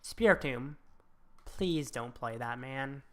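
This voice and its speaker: A woman's voice: a bass voice, slow pace. A woman giving casual, muttered commentary while playing a card game, reassuring herself that every setback is fine.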